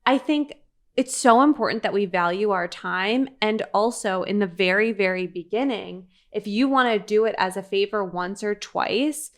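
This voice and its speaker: A woman's voice: medium pitch, moderate pace. A woman co-hosting a coaching podcast, giving encouraging advice in casual chat.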